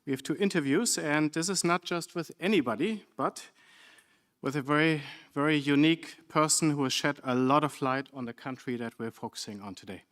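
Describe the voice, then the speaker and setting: A man from Germany, speaking, opens an on-stage interview. His voice sits a little high for a man, and his manner is friendly with a light joking touch. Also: brisk, a bit bright.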